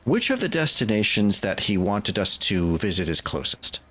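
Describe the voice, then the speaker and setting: Low-voiced man playing a tabletop game. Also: very animated, moderate pace, fairly bright tone. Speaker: player. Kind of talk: casual tabletop play and in-character talk.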